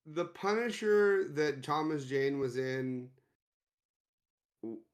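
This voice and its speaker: A man casually chatting about movies on a podcast, animated, swearing freely and laughing a lot. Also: on the high side, slow. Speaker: podcast co-host.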